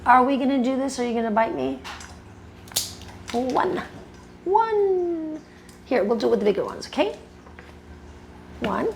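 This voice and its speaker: Female groomer, gravelly fry, a bit high, chatty tutorial voice, coaxing then firm with a dog. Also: big pitch swings, measured pace, pauses often, darkish tone, a little hiss or hum. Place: grooming table indoors.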